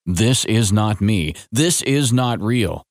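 A man's voice: on the low side, expressive, no echo, studio quality. A man voicing Joseph, a firm protective father. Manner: firm, deliberate, slow.

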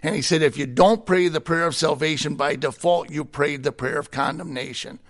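A middle-aged man tells his story with candid, plainspoken honesty. His voice sits a little high and breaks into a short chuckle between stories. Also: normal speed. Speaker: guest sharing his testimony. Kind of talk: personal testimony in conversation.

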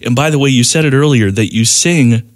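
A male radio host interviews his guest with open enthusiasm and generous praise. His voice sits at a middle pitch and moves along in a friendly, conversational way. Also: a little fast. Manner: warmly enthusiastic, effusive praise.

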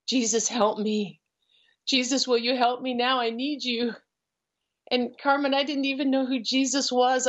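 Earnest woman telling her testimony. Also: medium pitch. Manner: earnest, emotional storytelling with pauses. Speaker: guest, ranch founder. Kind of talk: personal testimony. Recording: dull lo-fi audio.

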